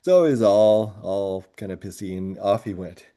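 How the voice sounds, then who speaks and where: A man who coaches high school track, telling a long story in an interview and laughing often as he goes. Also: normal speed. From grew up moving around as a military kid. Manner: animated storyteller who laughs often through his tale.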